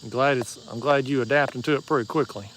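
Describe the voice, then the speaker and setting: A man's voice: medium pitch, fast, fairly bright tone, slight background noise. Laid-back East Tennessee man drawling outdoors. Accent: East Tennessee Southern. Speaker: fishing livestream host. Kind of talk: casual livestream chat answering viewers. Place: outdoors at a marina bank at night.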